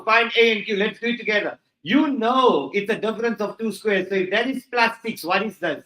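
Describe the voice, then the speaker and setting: A man's voice: sits high, normal speed, pushed and bright. A man with a South African accent teaching an online maths lesson, joking and bantering in slang between explanations. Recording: roomy, dull lo-fi stream audio.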